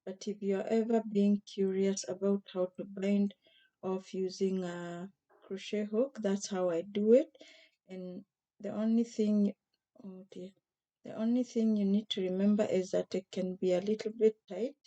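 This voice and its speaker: A woman with a hoarse, mellow tone talks her viewers through a craft project. She speaks gently and chattily, pausing often and restarting her sentences. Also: mid-range voice, fairly even intonation, highs cut off. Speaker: crochet vlogger. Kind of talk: casual craft tutorial.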